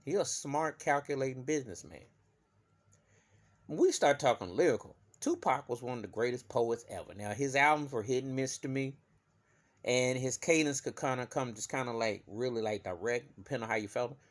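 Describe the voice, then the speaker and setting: A man vlogging an emphatic opinion rant, swinging from loud outbursts to low muttering. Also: lively intonation, normal speed.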